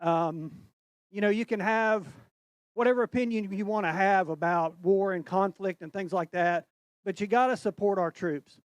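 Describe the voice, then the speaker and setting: A middle-aged man speaks with a high-pitched, earnest voice. He sounds heartfelt and close to tears, and the recording is dry and close. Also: normal speed, no room sound. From Tennessee. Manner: heartfelt, earnest, slightly choked up. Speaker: tournament angler. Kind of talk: on-stage interview.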